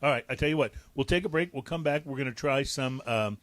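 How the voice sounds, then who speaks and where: A man hosting a casual podcast, relaxed and enthusiastic as he talks about cigars and spirits. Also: mid-range voice, quick pace, dry recording. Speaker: podcast host. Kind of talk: casual tasting talk.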